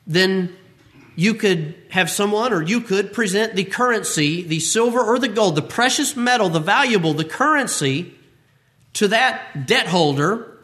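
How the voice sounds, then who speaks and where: A man delivers a sermon in a high, bright voice. He preaches with emphasis, repeating his points and mixing in personal stories. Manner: emphatic, repetitive preaching with vivid personal asides. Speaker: pastor.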